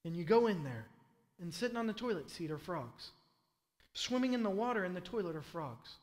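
A man pastor preaching a sermon, telling a vivid story in the second person and swinging between loud and hushed. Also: sits high, big pitch swings, brisk, long reverb tail. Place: church sanctuary.

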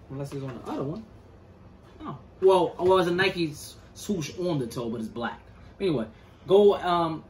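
A man's voice: a little high, a little mellow, a little hiss or hum. A man casually reviewing sneakers, reading product details aloud and stumbling over words.

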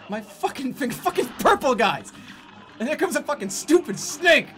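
A man streamer giving casual gameplay commentary with a lively, animated voice. He breaks into loud, frustrated outbursts and cursing, then drops into quick, mumbled asides while reading chat. Faint music plays beneath him. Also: very high-pitched. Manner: loud frustrated outbursts, swearing and laughing at the game. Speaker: game streamer.

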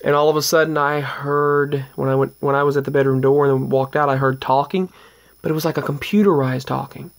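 Flat-voiced man recounting ghost encounters. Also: medium pitch, a little fast, creaky. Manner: rambling, with restarts and trailing asides. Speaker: vlogger. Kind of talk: casual paranormal storytelling.

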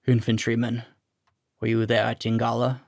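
Guy doing a tired numb officer, quiet flat voice, gravelly, dry close mic. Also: medium pitch, normal speed, no echo, lightly acted. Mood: resigned. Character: weary captured party officer, resigned and numb.

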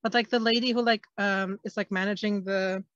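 A woman's voice: medium pitch, steady tone, brisk, fairly bright tone, no echo. Hesitant woman on a dull, dry mic. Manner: hesitant, many fillers. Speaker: podcast co-host. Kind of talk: casual chat.

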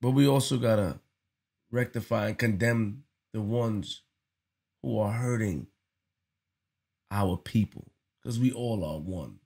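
A man's voice: on the low side, takes it slowly, vocal fry, pauses often, darkish tone, slightly rough. A man giving casual spoken commentary on his channel, earnest and slangy, often repeating himself as he talks it through. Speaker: vlogger.

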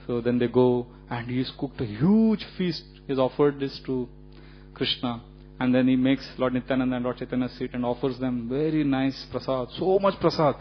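A man giving a religious lecture, telling stories in an animated way with frequent chuckles and casual fillers. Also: mid-range voice, a little fast. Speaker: speaker giving a temple lecture. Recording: dull lo-fi recording with faint hum.

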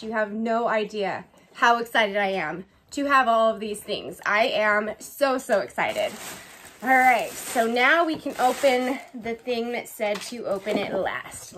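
A woman's voice: high-pitched, fairly bright tone. A woman vlogging as she unboxes a gift, gushing and effusive, repeating her words over and over. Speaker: vlogger opening a gift package. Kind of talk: casual unboxing vlog.

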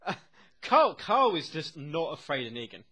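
A young man reacting to a TV episode as he watches. He talks excitedly, swears constantly and often laughs. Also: on the high side, normal speed, slightly rough. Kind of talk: live reaction commentary.

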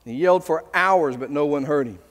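A man's voice: a little high, fairly quick, fairly bright tone, long reverb tail. A man preaching as a pastor, earnest, telling a story with voices. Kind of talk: sermon. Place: church sanctuary.

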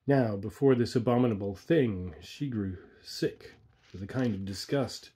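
A man narrating a macabre short story in a measured, hushed dramatic reading. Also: fairly low pitch, slightly rough.

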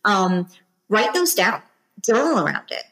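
A woman's voice: mid-range voice, very animated, unhurried, a bit bright, breathy edge, poor audio. Earnest encouraging woman coach. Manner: earnest, encouraging, rambling restarts. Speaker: podcast guest, business coach. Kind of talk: casual podcast interview.

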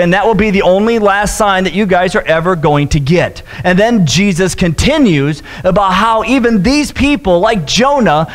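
A man's voice: sits high, fairly bright tone. A man, a pastor retelling a story in a humorous sermon, with jokes and acted-out voices. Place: church sanctuary.

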